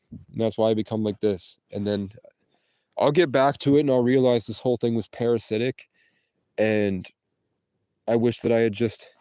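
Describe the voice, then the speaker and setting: A man's voice: fairly low pitch, dark tone, dry recording. A man rambling through a profane, jumpy livestream monologue from his parked car and the street around it. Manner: rambling, profane, jumps between topics.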